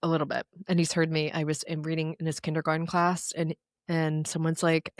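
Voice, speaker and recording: A woman's voice: deep voice, level tone, fast talker, no echo, clean studio sound. A woman in her thirties, a guest in an interview, telling personal stories in an earnest, reflective way. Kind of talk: candid interview conversation.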